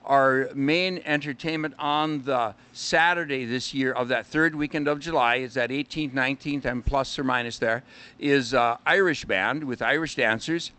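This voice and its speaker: His voice is mid-range and smooth yet pushed and bright, moving at a moderate pace. An older Minnesota winery owner, he's a chatty storyteller on a casual radio interview who sings a jokey song.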